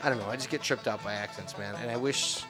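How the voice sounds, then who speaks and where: A man's voice: medium pitch, quick pace, over loud music. A man co-hosting a podcast in casual chat, rambling with many fillers and restarts, often trailing off into a mumble. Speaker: podcast co-host.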